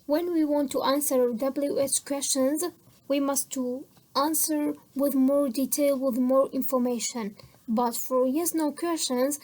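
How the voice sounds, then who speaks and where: A woman teacher explaining a lesson. She speaks deliberately, repeats key phrases and switches between languages to explain. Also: high-pitched, warm tone. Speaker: English teacher.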